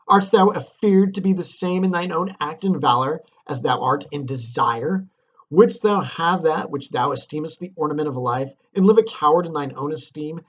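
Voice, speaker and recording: A scornful noblewoman hurls taunts in a rising, declaiming voice, as a male teacher reads her part aloud. The tone is husky and breathy, and it comes through a slightly muffled, lo-fi recording. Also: fairly high pitch, pitched above the performer's own voice, lightly acted. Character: scheming noblewoman, fierce and mocking.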